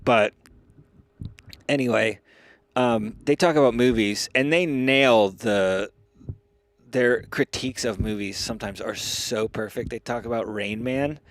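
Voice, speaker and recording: A man's voice: medium pitch, a little slow, dry recording. A man co-hosting a casual comedy podcast, rambling and joking, laughing often as he talks. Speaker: podcast co-host.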